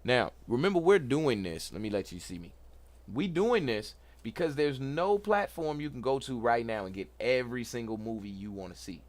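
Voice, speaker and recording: Animated man hosting a tech talk. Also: mid-range voice, moderate pace. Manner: excited, preachy, repeats himself, talks to chat. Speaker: host. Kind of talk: casual livestream tech talk.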